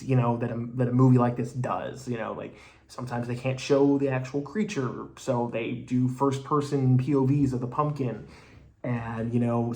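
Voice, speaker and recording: A man talks through a movie review in a loose, rambling way, leaning on fillers like "you know" and "like." He speaks bluntly and swears now and then, in a voice of ordinary middle pitch. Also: darkish tone. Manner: blunt and casually profane. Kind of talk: casual spoken movie review.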